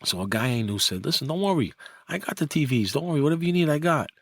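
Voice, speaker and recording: A man's voice: fast, no echo. A middle-aged man, telling a story in casual talk and acting out the quotes in it. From New York. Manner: animated, acts out quotes with rising pitch. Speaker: guest, former mob enforcer.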